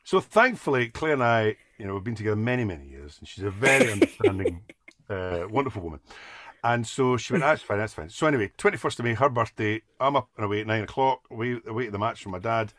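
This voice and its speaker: A Scottish man on a podcast, telling animated anecdotes and laughing often. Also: lowish voice, fast, crowd noise. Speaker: podcast guest. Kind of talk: casual storytelling.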